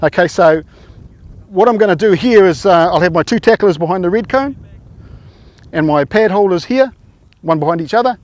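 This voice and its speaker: A man's voice: high-pitched, expressive, moderate pace, long pauses, dry recording. A man coaching rugby players through tackle drills, informal and encouraging, often quizzing them.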